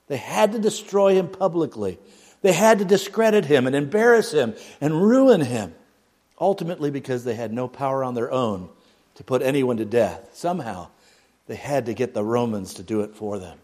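A man preaching a sermon, dropping to near a hush and then rising loud. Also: mid-range voice. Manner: dramatic swings from hushed to loud, mocks a pompous prayer voice.

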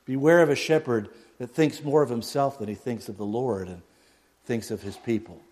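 A man preaching a sermon, dropping to near a hush and then rising loud. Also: mid-range voice, normal speed. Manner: dramatic swings from hushed to loud, mocks a pompous prayer voice.

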